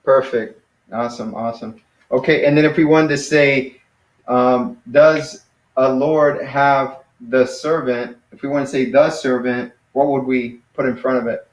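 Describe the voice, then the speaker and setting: A man's voice: mid-range voice, unhurried. Easygoing man teaching in an echoey room. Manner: relaxed, encouraging, says "man" and laughs. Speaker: Greek teacher. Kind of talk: casual one-on-one language lesson.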